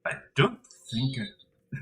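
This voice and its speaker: A man's voice: mid-range voice, poor audio. A man hosting a gaming stream, chatting casually with a friend and laughing often as he runs a tabletop campaign. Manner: laughs often, drawn-out and lively delivery. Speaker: game master and streamer. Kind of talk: casual chat while gaming.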